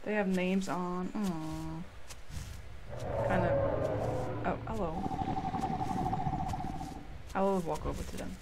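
A woman's voice: on the low side, steady tone, takes it slowly, pauses often, heavy background noise. A woman giving chatty, playful let's play commentary with goofy asides. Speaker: gamer. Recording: game sounds loud behind voice. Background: game audio, dinosaur calls.

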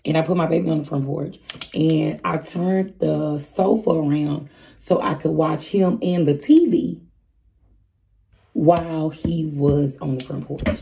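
A woman's voice: low voice, a little slow, gravelly, dark tone. A woman in her thirties telling a storytime vlog in casual chat, candid and chatty, speaking straight to her viewers. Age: 30s. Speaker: vlogger.

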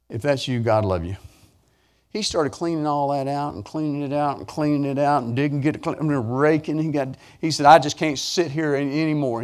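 A man preaches through homespun stories. His voice climbs high and loud, then falls back to a low, quiet telling. The storytelling stays folksy and animated throughout. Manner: animated, folksy storytelling with sudden rises in pitch and volume. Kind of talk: sermon storytelling.

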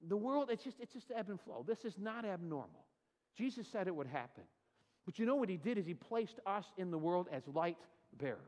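This sermon comes from a pastor from California whose high voice moves fairly quickly, trailing long reverb through the church sanctuary. He voices the characters in a comic story full of self-deprecating humor, then turns to scripture.

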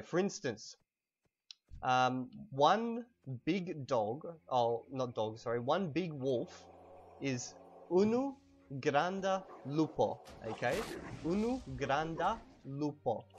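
A young man plays a video game while giving a laid-back language lesson, chatting easily and stressing words slowly so they come through clearly. He's a language teacher with a mid-range voice, and the audio sounds dull.

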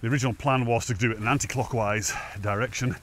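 A man's voice: mid-range voice, fairly even intonation, fast talker, fairly bright tone, slight background noise. A man chatting casually on a wet hillside walk, a bit out of breath, laughing often and poking fun at himself. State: slightly out of breath. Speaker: hiking vlogger. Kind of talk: casual walking vlog chat. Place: outdoors on a wet, windy mountain path.

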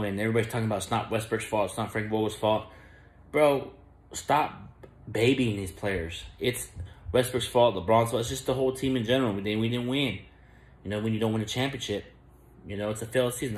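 A man's voice: lowish voice, roomy sound. A man hosting his own sports channel, talking bluntly and with frustration about his team, with lots of "man" and "bro". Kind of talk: fan sports commentary vlog.

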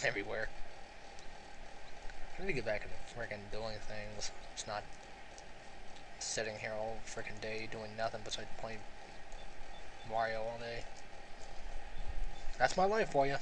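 Rambling breathy young man gaming. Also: lowish voice, a little slow, long pauses. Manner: rambling, self-mocking, frequent laughs and sighs. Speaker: let's play commentator. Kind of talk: casual gameplay commentary. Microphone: close home mic. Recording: noisy home recording.

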